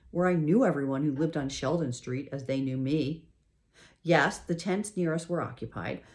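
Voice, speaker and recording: A woman with a notably low voice reads a first-person story aloud for an audiobook. Her scripted narration is expressive and full of emotion.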